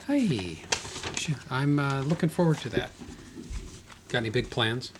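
A man hosting a podcast in casual chat, easygoing and quick to laugh. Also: mid-range voice, a little hiss or hum. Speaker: podcast host.

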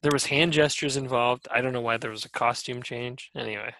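Laughing man with a bright voice. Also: medium pitch, fairly quick, a little hiss or hum. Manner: animated storyteller, laughs often, swears casually. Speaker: podcast co-host. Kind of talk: casual chat.

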